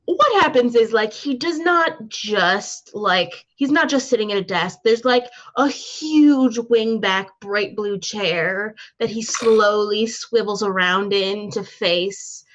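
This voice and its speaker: A woman's voice: mid-range voice, slow pace, few pauses, a bit bright. A woman narrating a tabletop game as game master, casual and hesitant with lots of filler words, on a dull lo-fi recording.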